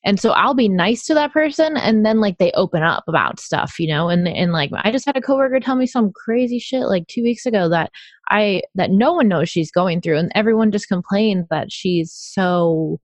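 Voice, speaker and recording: A woman talking casually about her tapping practice, chatty with lots of fillers and quick laughs. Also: medium pitch, lively intonation, no echo. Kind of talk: casual podcast conversation.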